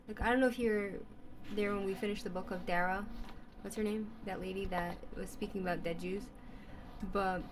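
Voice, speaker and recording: A woman's voice: medium pitch, noisy background. Rambling, chatty woman talking to listeners. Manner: repetitive, rambling, asks listeners questions; sprinkles in Yiddish and Hebrew words. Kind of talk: rambling casual monologue.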